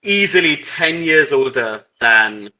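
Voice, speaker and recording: A man's voice: fairly high pitch, animated, slow pace, bright, forceful tone, poor audio. A man narrating as game master of a tabletop game in a casual way, with many ums and restarts.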